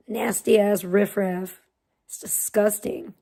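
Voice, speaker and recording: Profane, gravelly-voiced woman livestreamer ranting. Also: fairly high pitch, measured pace, a little mellow. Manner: profane, mocking rant. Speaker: livestream host. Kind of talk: livestream commentary.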